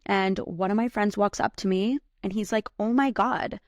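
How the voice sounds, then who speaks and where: A woman's voice: mid-range voice, steady tone, moderate pace, darkish tone, no room sound, clean studio sound. A woman in her thirties hosting a podcast, telling a personal story casually with lots of "like" and some swearing. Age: 30s. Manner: casual, heavy use of "like", swears freely. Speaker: podcast host.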